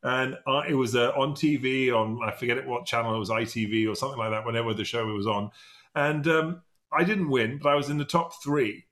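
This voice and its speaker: Middle-aged man as chatty interview host, rambling, lots of restarts and fillers, mid pitch. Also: fairly even intonation, a little fast, fairly bright tone. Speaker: podcast host. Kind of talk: casual interview chat.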